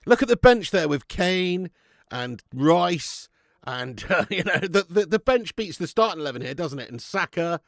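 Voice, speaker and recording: Gravelly, sweary bloke hosting a watch-along. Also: male voice, sits high, expressive, normal speed, dry recording, studio quality. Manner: sweary, laughing banter with chat. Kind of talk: live football watch-along chat with viewers.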